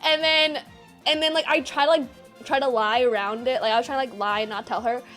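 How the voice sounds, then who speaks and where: High-voiced young woman rambling casually. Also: fairly even intonation, fairly quick, fairly bright tone, faint music behind. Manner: rambling, repeats phrases, laughs often. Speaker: streamer. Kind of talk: casual storytelling to stream chat.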